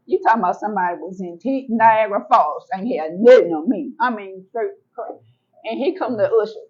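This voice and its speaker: A woman telling her own story as an interview guest, animated and emphatic, repeating words for effect and acting out what she said back then. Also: medium pitch, fairly quick, slightly rough, highs cut off. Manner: colloquial, acts out her own past words. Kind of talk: emotional personal storytelling.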